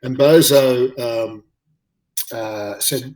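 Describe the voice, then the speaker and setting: A middle-aged Australian man telling a story in an interview, halting and full of fillers and repeated words. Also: medium pitch, darkish tone. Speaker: interview guest, former rugby league player. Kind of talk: casual chat, storytelling. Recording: roomy, distant mic.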